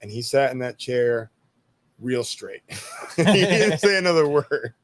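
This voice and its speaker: A man's voice: medium pitch, expressive, unhurried, no room sound. A laid-back man in his thirties with an ordinary mid-range voice, telling war stories in a loose, casual flow. He swears freely and often laughs at his own punchlines. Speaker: guest, army veteran. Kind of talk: casual storytelling interview.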